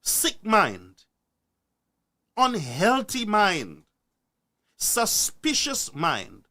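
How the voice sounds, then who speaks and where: Animated man ranting. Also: high-pitched, drawn-out words. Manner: animated, preachy, rhetorical questions. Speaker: live-stream commentator. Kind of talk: ranting live-stream commentary.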